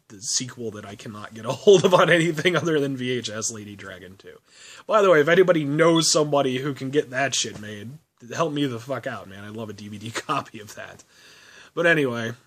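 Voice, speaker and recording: Chatty man with a lively voice. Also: mid-range voice. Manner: rambling, laughing often, swearing. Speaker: film reviewer. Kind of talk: casual review vlog.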